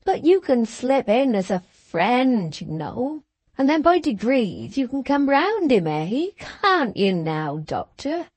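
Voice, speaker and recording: A woman's voice: on the high side, big pitch swings, slow pace, darkish tone, no echo, full character voice. A woman voicing a tearful, plain-spoken baronet's wife who talks in a rustic dialect. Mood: pleading, indignant. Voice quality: broad rustic dialect speech.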